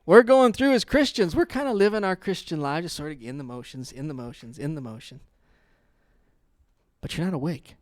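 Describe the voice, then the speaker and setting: A young adult man pastor preaching a sermon in a conversational, storytelling way, laughing often and growing loud and animated in his stories. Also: on the high side, a little fast, no echo, studio quality. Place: church.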